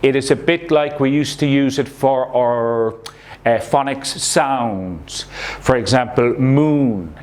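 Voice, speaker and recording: Speaking slowly in a medium pitch with a somewhat mellow quality, a male primary school English teacher leads a recorded lesson for young pupils. He explains things patiently, checking in with "okay?" as he goes.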